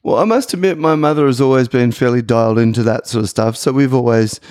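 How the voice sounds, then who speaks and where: A man's voice: medium pitch, fast, a little mellow, dry recording, studio quality. A middle-aged Australian man co-hosting a podcast, airing his gripes in casual, opinionated chat. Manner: ranting, opinionated. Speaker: podcast co-host.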